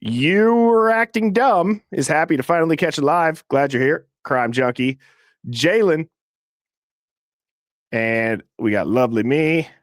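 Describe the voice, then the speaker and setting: A man hosting a live call-in stream, talking fast and casually as he reads out viewer names. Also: on the high side, expressive, no echo, clean studio sound. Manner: fast, casual, shouting out names in quick succession. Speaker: host of a live call-in show.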